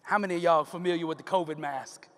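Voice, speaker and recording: A man's voice: fairly high pitch, fast talker, a bit bright. A man giving a motivational keynote in a preacher-like style, emphatic and calling out to the crowd for responses. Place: large conference hall. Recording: long reverb of a conference hall.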